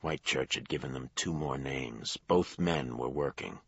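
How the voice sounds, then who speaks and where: A man narrating a crime thriller audiobook in a measured storytelling manner. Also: rumbling low, a bit bright, slightly rough, no room sound, lo-fi sound. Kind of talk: scripted narration.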